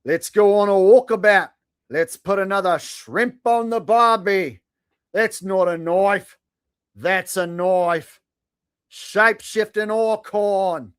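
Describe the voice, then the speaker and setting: A man's voice: sits high, slow pace, clear, resonant tone, pitched above the performer's own voice. A man putting on a brash mock Australian bloke. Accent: put-on Australian.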